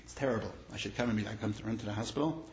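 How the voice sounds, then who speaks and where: A man's voice: lowish voice, racing. A man, a rabbi, giving a lecture built on personal stories, repeating his phrases and growing emphatic as he tells them. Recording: echoey room, dull lo-fi sound, faint noise.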